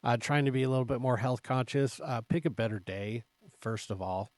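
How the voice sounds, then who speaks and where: Here a male co-host of a casual podcast speaks a little fast in a mid-range, slightly mellow voice with no room sound. Joking around, he keeps things moving with his questions.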